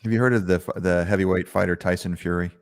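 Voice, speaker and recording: A man hosting a podcast, telling a rambling, animated story in casual chat. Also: low voice, fast talker, dry recording. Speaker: podcast host.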